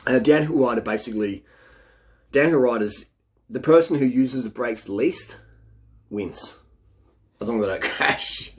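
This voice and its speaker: A man's voice: mid-range voice, a little slow, pauses often. A middle-aged man giving blunt, boastful cycling advice in casual talk, sometimes mocking others in a silly voice. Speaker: cycling vlogger.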